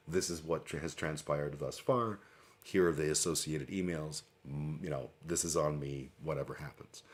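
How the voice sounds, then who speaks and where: Very deep-voiced man telling a rambling story. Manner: rambling storyteller, swears freely, many fillers. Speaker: livestream host. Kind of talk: casual monologue.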